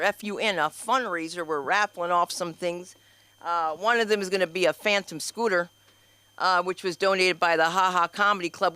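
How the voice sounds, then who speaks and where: Upbeat lady emceeing an open mic at her little comedy club, bright punchy voice, jokes about herself. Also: medium pitch, dry recording. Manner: upbeat, chatty, self-mocking.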